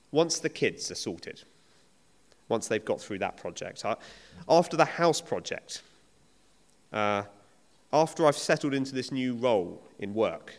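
Male preacher, emphatic and conversational, animated pitch, reverberant church hall. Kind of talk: sermon.

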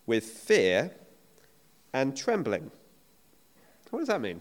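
Male preacher, emphatic and conversational, animated pitch, reverberant church hall. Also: takes it slowly. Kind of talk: sermon.

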